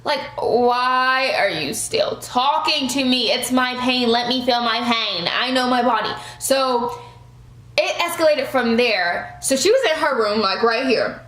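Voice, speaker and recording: A young woman in her twenties tells a storytime to her viewers, animated and fond of y'all. Her voice sits fairly high, and her talk rings in an echoey room. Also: measured pace. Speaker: vlogger.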